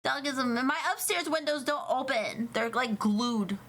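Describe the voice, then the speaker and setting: A young woman streamer chatting casually with her viewers, rambling, swearing and getting excited. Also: high voice, unhurried, a little hiss or hum. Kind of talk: casual livestream chat.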